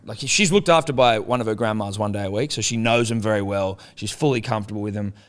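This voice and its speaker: A man's voice: mid-range voice, smooth. A young man on a casual podcast chat, swearing freely and acting out quotes as he tells a story. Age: young adult. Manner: swears a lot, animated storytelling with voiced quotes. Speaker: podcast co-host.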